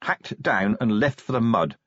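A man's voice: fairly low pitch, lively intonation, unhurried, a bit bright, dry recording, highs cut off. A man voicing a fierce young female werewolf sergeant who talks in a clipped, growling way. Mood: grim.

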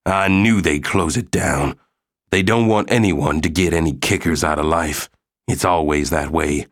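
A man voicing a sly, sullen man in an audiobook, talking in a slow, low, drawn-out way. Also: no echo, studio quality. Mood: sulky.

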